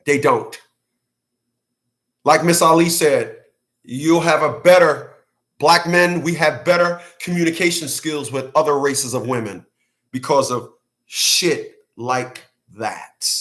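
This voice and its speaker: A man's voice: a little high, fairly bright tone. A man hosting his own channel, giving blunt, profanity-heavy commentary and repeating key words for emphasis. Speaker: channel host commenting on clips.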